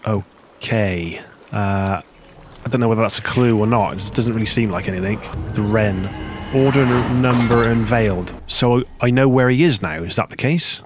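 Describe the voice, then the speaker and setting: A man talks his way through a video game in a low, relaxed voice, half muttering to himself. Every so often he jumps up into startled squeaks before dropping back to his easy running commentary. A faint hiss sits under the desk-mic sound. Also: normal speed. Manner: chatty, muttering to himself, sudden high-pitched exclamations. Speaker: gameplay commentator. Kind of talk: let's play commentary.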